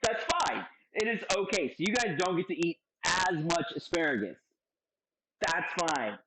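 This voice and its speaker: A young man cooking in his home kitchen on a live stream, joking loudly, swearing and chatting to viewers. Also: on the high side, very animated, normal speed, low-quality recording. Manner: loud, profane, joking, reads chat aloud. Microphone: streaming setup with several cameras.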